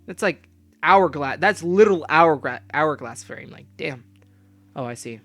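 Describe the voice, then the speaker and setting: A young man with a bright, forceful voice sitting a little high for a man, reading a game's story aloud and cutting in with loud, swearing commentary. A guitar plays faintly in the background. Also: expressive, unhurried. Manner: profane, loud outbursts. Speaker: gamer reading a visual novel aloud.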